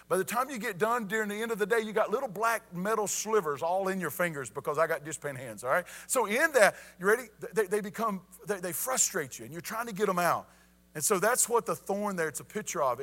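A man's voice: high-pitched, a bit bright. A man preaching a folksy evening sermon, often asking "you ready?" and saying "y'all".

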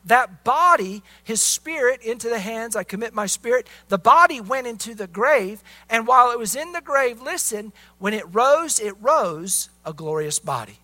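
Forceful, emphatic male preacher. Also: high-pitched. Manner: emphatic, with repeated "listen" and "praise God" interjections. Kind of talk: sermon.

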